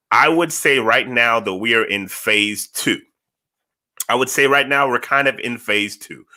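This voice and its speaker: Male podcast host, lowish voice with a forceful edge, loose and chatty, repeats himself for emphasis. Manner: energetic, conversational, repeats phrases for emphasis. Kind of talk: casual solo podcast monologue.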